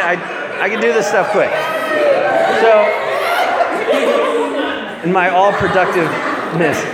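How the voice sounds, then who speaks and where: Guy preaching, kinda high voice, big echoey hall, crowd in there, tells a story and laughs along. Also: noisy background. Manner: animated, laughing storyteller acting out a phone prank. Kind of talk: sermon storytelling.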